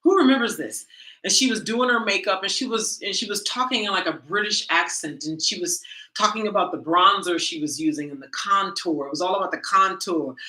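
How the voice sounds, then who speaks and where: A woman coach giving a lively motivational talk to a group, addressing them directly in a conversational way. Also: mid-range voice, brisk, echoey room. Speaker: women's coach and teacher.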